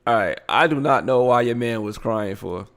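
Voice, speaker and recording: A man's voice: medium pitch, normal speed, crowd noise. A man hosting a live show, giving blunt, casual commentary on a video he is watching. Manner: animated, blunt, frequent laughing asides.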